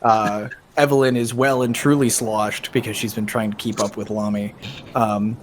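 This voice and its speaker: A man's voice: fairly low pitch, level tone, moderate pace, a little hiss or hum. A man narrating as game master in a casual tabletop game, talking loosely with restarts and laughs. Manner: chatty, laughing, many restarts.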